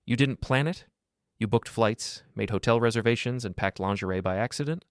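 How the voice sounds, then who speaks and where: A man's voice: medium pitch, fairly quick, no room sound, studio quality, close to an everyday voice. A man voicing a cold, furious, elegant betrayed wife with a cutting, sarcastic manner. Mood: scornful.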